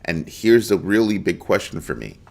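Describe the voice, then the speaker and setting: A man's voice: low-pitched, sing-song, moderate pace, vocal fry. A man hosting a live crypto show, talking emphatically and animatedly to his viewers and greeting people in the chat. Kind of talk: live-stream commentary.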